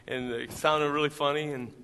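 Male preacher, bright high voice, church hall reverb; loud surges, hushed narration. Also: fairly even intonation, normal speed, slight background noise. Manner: preaching voice that climbs high and loud for emphasis, quiet when storytelling. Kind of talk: sermon testimony.

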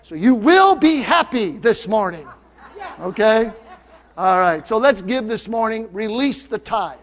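A high-pitched man preaches with an upbeat, teasing warmth toward his congregation. His voice rings through a church sanctuary with a long, lingering reverb. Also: sing-song, normal speed. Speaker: pastor. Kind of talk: sermon.

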